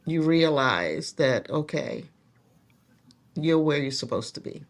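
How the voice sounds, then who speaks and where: A woman's voice: deep voice, lively intonation, takes it slowly. A middle-aged woman, a guest in a casual interview, telling her story earnestly with many restarts. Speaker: guest, nurse executive.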